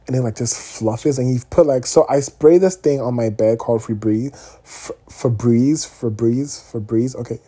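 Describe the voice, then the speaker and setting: A young man talking casually to his viewers, candid and animated, often checking in with "okay?" asides. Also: medium pitch, husky. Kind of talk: casual vlog monologue.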